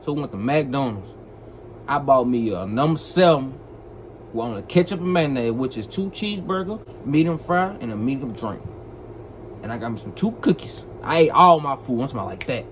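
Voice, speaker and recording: A man's voice: mid-range voice, brisk, a little hiss or hum, low-quality recording. Slangy young man telling a story. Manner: animated, slangy, repeats phrases. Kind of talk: casual storytime.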